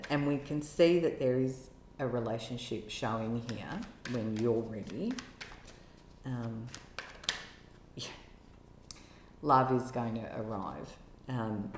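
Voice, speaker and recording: A woman giving an intuitive tarot love reading in a gentle, musing way, now and then exclaiming with delight. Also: rumbling low, a little hiss or hum. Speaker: tarot reader. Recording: echoey room with faint ambience.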